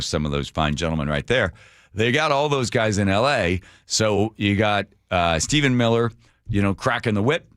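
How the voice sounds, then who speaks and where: A man's voice: lowish voice, a bit bright, no room sound. A man hosting a talk radio show, delivering sarcastic commentary full of mocking rhetorical questions into a studio microphone.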